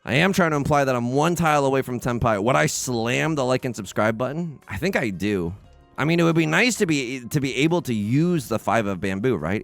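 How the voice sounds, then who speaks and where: A man's voice: mid-range voice, animated, brisk, creaky, faint music behind. A man hosting a let's play from his bedroom, chatting casually and self-deprecatingly while he plays, often talking back to himself. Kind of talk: casual gaming commentary. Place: home bedroom.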